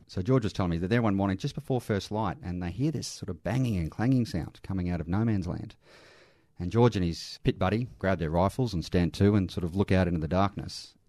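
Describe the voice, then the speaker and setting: A man's voice: sits low, mellow, no room sound. A middle-aged Australian man, an army veteran working in aged care, telling earnest stories in an interview with restarts. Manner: earnest, anecdotal, with frequent restarts and light laughs. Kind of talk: conversational interview storytelling.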